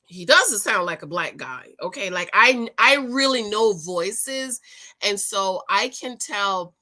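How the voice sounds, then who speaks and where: A middle-aged woman chatting casually to her viewers while recapping a TV show, animated and laughing often. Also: mid-range voice, takes it slowly. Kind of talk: casual reaction commentary.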